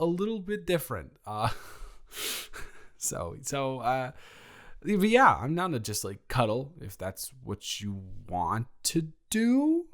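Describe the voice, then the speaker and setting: A young man with a medium-pitched voice improvises an audio role-play, sounding flustered and rambling, with many stammering restarts.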